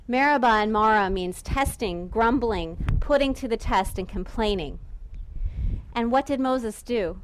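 A woman preaching a sermon in a lively, conversational way, now and then acting out the voices of the people in the story. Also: a little high, measured pace. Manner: lively and conversational, acts out voices of Israelites and God. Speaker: pastor.

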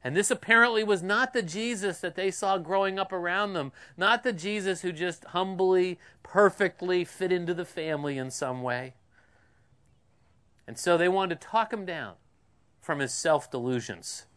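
A male pastor giving a sermon, speaking in a conversational way with questions to the congregation and swings between loud emphasis and quiet asides. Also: high voice, normal speed, smooth.

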